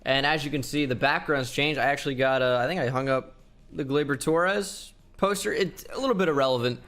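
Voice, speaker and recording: A man's voice: mid-range voice, fairly bright tone. A young man giving casual, rambling commentary over his video game footage as a channel host. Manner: chatty, rambling, quick asides.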